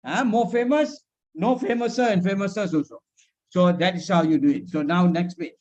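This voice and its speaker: A man's voice: high-pitched, normal speed, a little mellow, highs cut off. A man with a Malaysian English accent teaching English grammar in an online class. He repeats his points and keeps checking in with "huh?" and "all right". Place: video call meeting.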